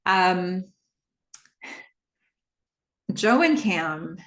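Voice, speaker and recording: A woman's voice: lowish voice, very slow. Woman recapping a show, echoey room. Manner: retells scenes, quoting characters in lively bursts. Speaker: podcast host recapping a TV episode. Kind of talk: casual solo recap narration.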